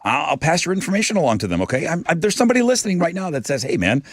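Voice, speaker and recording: A man's voice: on the high side, big pitch swings, racing, slight background noise. A man hosting a morning radio show, upbeat and friendly, calling callers bro. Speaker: radio host.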